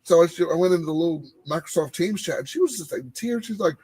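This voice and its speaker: Man, husky voice, higher pitch, animated storytelling, casual chat. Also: fast talker, rough recording. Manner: animated storytelling, repeating phrases. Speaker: podcast co-host.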